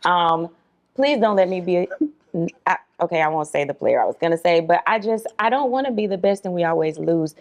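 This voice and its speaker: Lower-voiced woman guest, candid and wry. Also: expressive, brisk, lo-fi sound. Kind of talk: casual chat.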